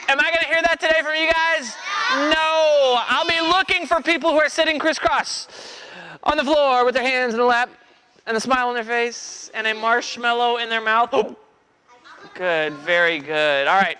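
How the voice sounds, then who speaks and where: A man's voice: sits high, noisy background. A man performing as a children's magician, playfully joking with and rousing a live audience of kids. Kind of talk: live kids' magic show patter.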